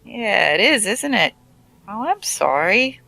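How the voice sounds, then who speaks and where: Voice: mid-range voice, very animated, slow, vocal fry, pushed and bright, dry recording, voice pushed up, exaggerated voice. A player voicing a brash, sarcastic woman adventurer who needles and provokes others. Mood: needling. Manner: sassy, needling, tough-talking.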